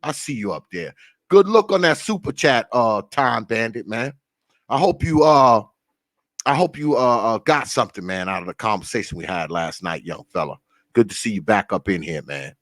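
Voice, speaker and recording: A man's voice: fairly low pitch, animated, normal speed, a bit bright, dry recording, studio quality. A man hosting a casual livestream, greeting viewers by name with a profane, laughing, loose manner. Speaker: livestream host.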